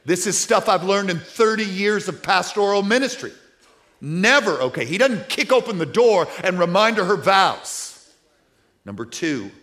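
Lively, animated male preacher. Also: medium pitch. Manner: conversational preaching that swells to forceful emphasis. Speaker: pastor. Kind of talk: sermon.

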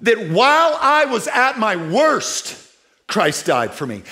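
A man's voice: sits high, wildly swooping pitch, slow, sharp tone. A middle-aged man preaching a sermon in a conversational way, asking his listeners rhetorical questions. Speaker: pastor.

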